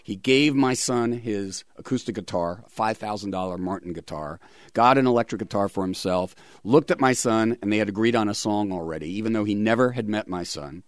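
A man's voice: on the low side, a little fast, no echo, studio quality. A middle-aged man hosting a radio talk show, chatting in a rambling way with many fillers.

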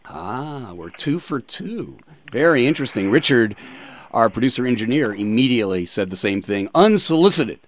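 A man's voice: mid-range voice, animated, a little hiss or hum. A man hosting a radio talk show, chatting casually with a guest and making self-deprecating jokes. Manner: joking, self-deprecating, quick asides.

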